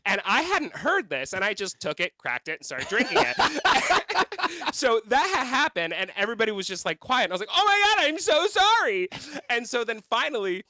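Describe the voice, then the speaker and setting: A man's voice: high-pitched, very animated, a little fast, bright, forceful tone. A man co-hosting a podcast, telling a funny story animatedly, laughing and swearing as he goes. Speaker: podcast co-host. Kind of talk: casual storytelling.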